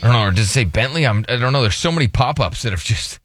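A man's voice: mid-range voice, lively intonation, racing, fairly bright tone, faint music behind. A man hosting a radio show, joking around and reading headlines aloud in casual banter.

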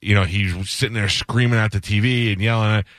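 A man's voice: on the low side, steady tone, brisk, fairly bright tone, dry recording, clean studio sound. A man hosting a radio show, chatting casually and telling rambling stories, acting out the voices of the people he quotes.

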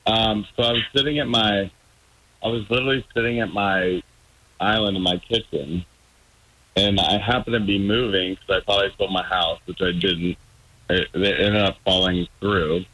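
A man's voice: low voice, fairly even intonation, moderate pace, sharp tone, husky, no echo, poor audio. A man calling into a radio show, telling a story in a rambling, hesitant way with many ums. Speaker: caller guest on a radio show. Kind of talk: casual storytelling on a phone-in.

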